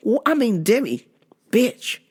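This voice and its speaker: A woman's voice: fairly high pitch, big pitch swings, a little slow, darkish tone, slightly rough. Brash profane woman ranting. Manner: brash, profane, laughing, mocking quoted voices. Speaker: podcast host. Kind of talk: casual comedic rant.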